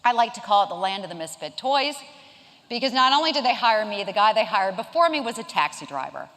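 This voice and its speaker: A woman in her fifties from South Carolina tells a lively story in a keynote talk. Her voice jumps around a lot in pitch, and she mixes humor with a chatty delivery. The sound carries a long reverb from a lecture hall. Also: a little fast. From Charleston, South Carolina. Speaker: keynote speaker. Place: event hall.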